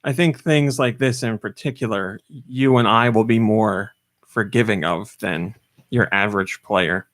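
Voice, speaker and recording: A man's voice: fairly low pitch, a little slow, no room sound, studio quality. A man hosting a casual podcast, chatting loosely and running through a list of games. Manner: relaxed, reads a game list aloud. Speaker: podcast host.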